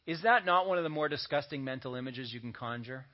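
A man's voice: medium pitch, quick pace. A man preaching a sermon as a pastor, talking conversationally and slipping in joking asides. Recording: dull lo-fi audio recording.

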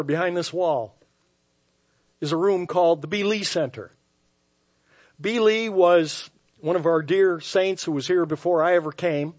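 In a church sanctuary, a pastor preaches a sermon with a voice on the high side. He tells a story with wry, self-mocking humor, swinging from hushed tones to loud outbursts.

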